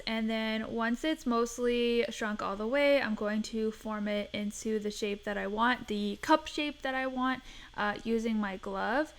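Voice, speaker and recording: A woman's voice: on the high side, fairly bright tone. A young woman hosting a craft tutorial, talking through each step in a chatty, self-deprecating voice-over.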